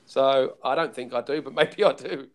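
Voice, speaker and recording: A British man on an online call from his living room, easygoing and chatty, and he admits he talks quickly. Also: medium pitch, steady tone. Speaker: panel guest. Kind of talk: casual group call chat. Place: living room at home, fan running.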